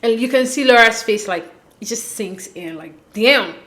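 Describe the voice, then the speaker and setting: Woman, slightly high voice, gossipy recap host, chatty, opinionated. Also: fairly bright tone. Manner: chatty, opinionated, quick to laugh. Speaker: reality show recap host.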